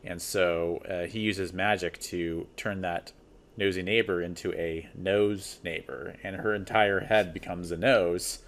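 A man's voice: low-pitched, steady tone, measured pace, a bit bright. A man on a film podcast, casually retelling scenes he remembers. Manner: storytelling, recounting scenes. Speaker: podcast co-host.

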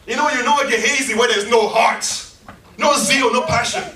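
A man's voice: very high-pitched, very animated, fairly quick, sharp tone, reverberant, far from the mic, slight background noise. A man preaching a passionate sermon, acting out scenes in different voices. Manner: impassioned, acts out scenes in many voices.

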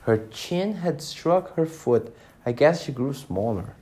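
A man reading a storybook aloud to children, pausing to explain words to them. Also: fairly high pitch, lively intonation, mellow.

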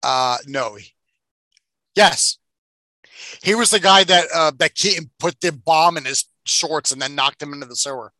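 A man with a fairly high, pushed, bright voice speaks a little slowly with no echo. He co-hosts a casual movie-review podcast, swearing freely, mocking the film sarcastically and acting out its lines.

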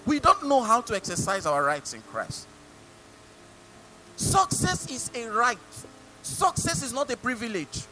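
Nigerian male preacher, lively swooping delivery, faint hum under the voice. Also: very high voice, measured pace, rough recording. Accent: Nigerian English. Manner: animated, mimicking, rhetorical questions to the congregation. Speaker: pastor. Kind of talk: sermon.

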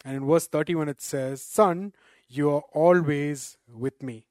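A man delivers a sermon in a slightly high voice, recorded dry and close. He slows down to quote scripture and keeps checking in with his listeners through rhetorical "right?" asides. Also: fairly even intonation, darkish tone, no room sound. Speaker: preacher.

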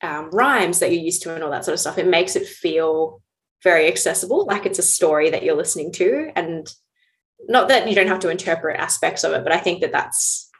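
A woman co-hosts a podcast in casual, thoughtful chat. Her voice sits a little low. She talks in a loose, reflective way with many fillers. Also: expressive, a little fast. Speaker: podcast co-host.

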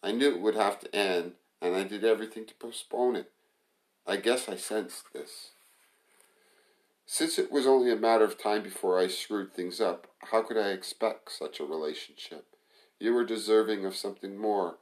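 Weary guilt-ridden young woman read plainly by a man, lowish voice, no real put-on. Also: normal speed, natural voice.

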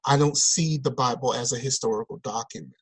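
A man co-hosting a podcast in casual chat, talking in animated, exasperated rants over a remote call. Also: mid-range voice, fairly quick, husky, poor audio. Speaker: podcast co-host. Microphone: remote call mic.

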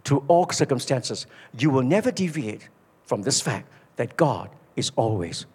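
A man preaching a sermon, telling stories and dropping low and soft on his key points. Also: very animated, unhurried, husky. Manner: storytelling, emphatic, drops low for key points. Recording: echoey hall.

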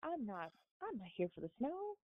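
A young woman from Florida, a guest telling her story in a casual, animated way and often quoting others. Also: fairly high pitch, moderate pace, crowd noise. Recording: dry tinny phone-line sound.

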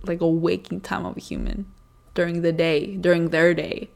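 This young adult co-host has a lowish voice with vocal fry, little pitch movement, a moderate pace and a slightly mellow quality. Her casual podcast chat is full of swearing and constant "like."

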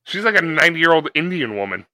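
A man's voice: fairly high pitch, sing-song, fast, pushed and bright, dry recording. Brief: crude jokey male podcast co-host, dry close sound, casual banter. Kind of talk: casual movie watch-along banter.

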